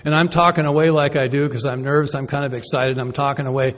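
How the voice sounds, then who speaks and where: A man's voice: mid-range voice, steady tone, fast talker, a bit bright. A man giving a personal recovery talk from a podium, conversational and self-deprecating, asking the audience rhetorical questions. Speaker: recovery meeting speaker. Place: conference hall. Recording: reverberant hall.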